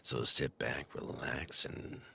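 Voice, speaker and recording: A man voicing a smooth, crooning late-night jazz radio host in a slow, low delivery. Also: steady tone, pushed and bright, a little hiss or hum, heavily acted.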